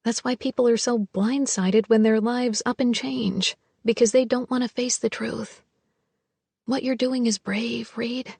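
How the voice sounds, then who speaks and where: A woman narrating a first-person romance audiobook in a soft, hushed, intimate way. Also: a little high, fairly even intonation, a little slow, gravelly, husky, dry recording.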